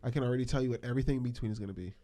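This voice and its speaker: A man's voice: medium pitch, rapid-fire. A man, a guest comedian, bantering casually and teasing the others. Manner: animated, teasing, many fillers.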